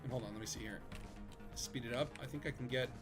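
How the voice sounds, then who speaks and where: A man's voice: mid-range voice, fast, music in the background. A man streaming a space game from his home desk, chatting casually with friends, rambling and joking with lots of fillers. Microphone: desk microphone.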